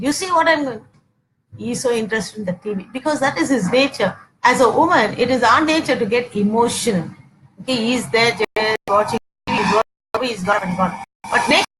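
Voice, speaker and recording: With a fairly high voice against a noisy background, a woman in her forties teaches a sermon on Christian marriage. She repeats herself often, peppers her talk with "okay," and acts out domestic quarrels.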